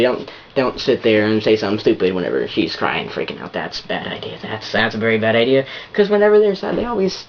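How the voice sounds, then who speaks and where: A man's voice: medium pitch, muffled recording, a little hiss or hum. A man giving relationship advice in a rambling, repetitive casual monologue full of restarts.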